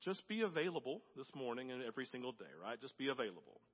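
A man preaching a sermon as pastor, rising to loud emphatic peaks and dropping to soft, intimate tones. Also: medium pitch, sing-song, quick pace, breathy edge. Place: church sanctuary. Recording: dull audio with long hall reverb.

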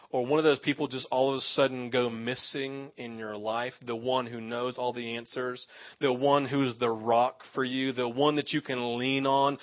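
A man preaching a sermon, animated and asking the congregation questions, acting out what people in the story say. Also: mid-range voice, highs cut off. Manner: animated, acts out quoted voices, asks the audience questions. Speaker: pastor.

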